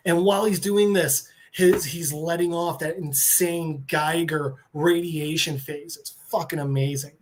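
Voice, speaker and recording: A man on a podcast, recapping a comic book story with excitement and swearing, briefly voicing the characters. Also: on the high side, a little slow, few pauses. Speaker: podcast co-host.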